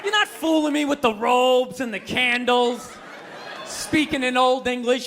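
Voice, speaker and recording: A man doing a stand-up routine on a comedy club stage, ranting loudly and exasperatedly with plenty of profanity. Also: very high voice, normal speed. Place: comedy club stage before a live audience. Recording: live stage recording with crowd laughter and noise.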